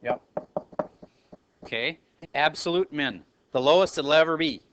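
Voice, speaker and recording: A man's voice: a little high, unhurried, background noise. A man teaching a math review lesson in a classroom, talking casually, correcting himself and calling on students. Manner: casual, self-correcting, calls on students by name.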